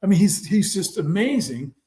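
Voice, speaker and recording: Man, podcast guest, retelling his story with fervor, voice a touch high. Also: moderate pace. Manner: animated, retells scenes by quoting people; emphatic, fervent. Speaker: podcast guest, former football player. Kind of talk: personal storytelling in a conversation.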